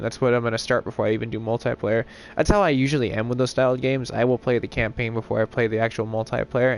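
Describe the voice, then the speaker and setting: A young man streams a game while chatting casually, rambling, swearing, and packing his talk with fillers like "like." His voice is lowish with vocal fry, and a little hiss or hum sits in the background.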